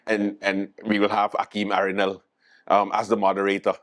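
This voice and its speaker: A man's voice: lowish voice, monotone, normal speed, a bit bright. A man hosting a late-night show, riffing through a comic monologue in an exasperated, mock-incredulous way and stumbling over repeated words for laughs.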